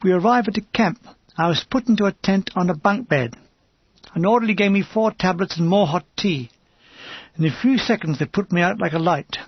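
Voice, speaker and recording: High gravelly man reading a memoir. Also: no echo, highs cut off. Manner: measured, understated first-person reading. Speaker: audiobook reader. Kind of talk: audiobook memoir narration.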